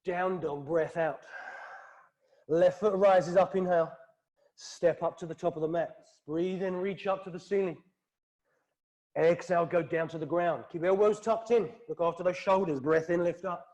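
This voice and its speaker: British guy with a high voice, calm steady yoga cues, studio class. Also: normal speed. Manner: calm, steady breath-paced instructions. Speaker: yoga instructor.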